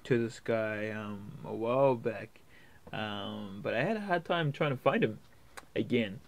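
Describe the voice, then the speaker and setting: A man's voice: fairly low pitch, expressive, measured pace. A man with a New Zealand accent who hosts a reaction video and chats casually to viewers, with many ums and uhs.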